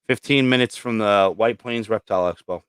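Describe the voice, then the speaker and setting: A man from New York with a lowish voice, hosting a casual livestream. He jokes, curses freely and tells stories with real animation. The sound is close and dry, with almost no room at all. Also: a little fast, clean tone, no echo. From New York, USA. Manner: joking, profane, animated storytelling. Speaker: livestream host, reptile breeder. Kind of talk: casual chat.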